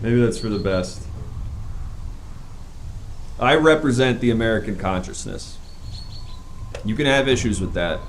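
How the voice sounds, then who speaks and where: A man playing a bumbling, self-important adventurer in a live improv comedy show, talking in a boastful, deadpan way. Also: lowish voice, a little slow, long pauses, a little hiss or hum. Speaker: comedy streamer. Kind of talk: improv comedy role-play.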